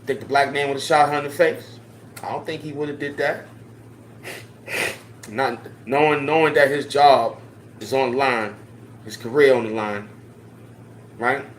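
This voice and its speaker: A man's voice: mid-range voice, normal speed, pauses often, slight background noise. A man giving impassioned, slangy social commentary to his viewers, repeating his points for emphasis. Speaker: online commentator. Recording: roomy echo.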